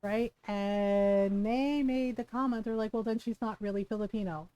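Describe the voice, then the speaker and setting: A woman streaming a video game, chatting casually and telling stories in an animated way, with plenty of swearing. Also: mid-range voice, normal speed, hardly any pauses, clean tone, no room sound, low-quality recording. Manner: animated storytelling with frequent swearing and laughter. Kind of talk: casual gameplay chat.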